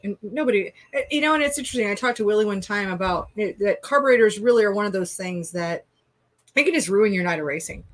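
A woman with a Minnesota accent hosting a casual racing livestream, chatty and quick to laugh while she reads out viewer comments. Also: mid-range voice, lively intonation. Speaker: livestream host.

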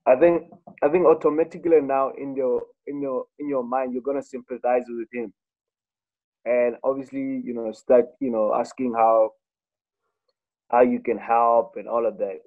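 A man's voice: mid-range voice, level tone, moderate pace. A man answering the host's questions on air, hesitant and restarting often. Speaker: guest. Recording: tinny phone line.

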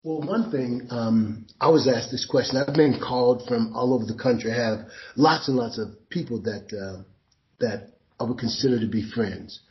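Male guest, middle pitch, emphatic storyteller who acts out scenes, muffled lo-fi audio. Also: moderate pace. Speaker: interview guest. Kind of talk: conversational interview.

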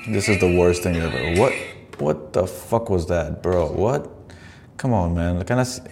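Gravelly, deep-voiced man mocking clips. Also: measured pace, over music. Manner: profane, mocking, animated asides. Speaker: podcast host. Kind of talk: casual commentary on clips.

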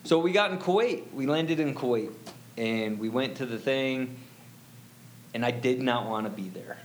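A man's voice: medium pitch, lively intonation, moderate pace, a little hiss or hum. A middle-aged man telling a personal story as an interview guest, rambling and full of "you know" fillers.

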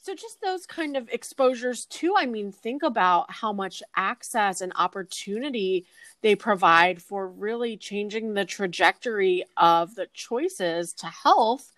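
A woman co-hosting a relaxed conversation, animated and quick to laugh as she tells stories. Her voice sits in an average register and is recorded dry and close. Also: medium pitch, dry recording. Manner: animated, laughs easily, storytelling. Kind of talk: casual conversation.

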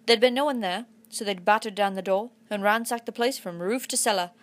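A woman narrating a children's adventure story aloud in a put-on English accent, with a steady storytelling delivery. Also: medium pitch, fairly quick. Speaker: audiobook reader.

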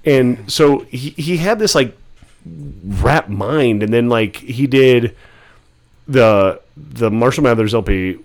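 A man's voice: medium pitch, slow. A man talking casually on a podcast, rambling with lots of fillers, restarts and swearing. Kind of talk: casual podcast chat about rap albums.

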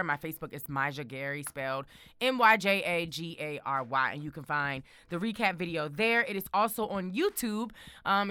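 A young woman chatting casually to her viewers, bold and excitable, repeating words for emphasis. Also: fairly low pitch, clean tone, no room sound. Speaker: vlogger.

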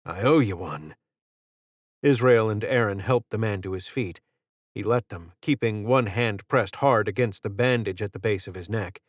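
A male narrator with a low voice reads a thriller in a steady, measured manner. The recording is dry and close, with no room sound. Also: dry recording. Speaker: audiobook narrator. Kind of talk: scripted narration.

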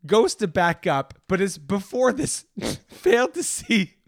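A woman co-hosting a podcast in casual chat about a movie, animated and laughing, with rambling restarts. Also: medium pitch, a little slow. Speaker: podcast co-host.

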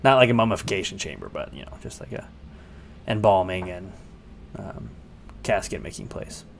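A man narrating as game master in a relaxed way, often pausing with fillers as he describes scenes. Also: low voice, gravelly, a little hiss or hum. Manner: relaxed, hesitant with frequent fillers.

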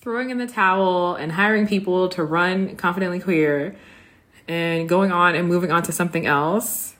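Woman, podcast host, lowish voice, tired from a late night, chatty, casual solo monologue. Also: normal speed, a bit bright. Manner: chatty, addresses listeners as "honey".

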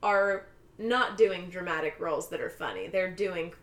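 A woman co-hosting a casual film podcast, chatty and quick to laugh. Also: lowish voice, reverberant, crowd noise. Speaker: podcast co-host. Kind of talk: casual chat about films.

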